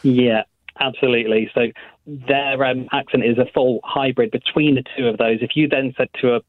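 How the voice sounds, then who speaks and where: A man calling a radio phone-in, friendly and relaxed, explaining his point. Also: mid-range voice, moderate pace, dry recording. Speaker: caller. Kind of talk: casual phone call to radio show. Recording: tinny phone line.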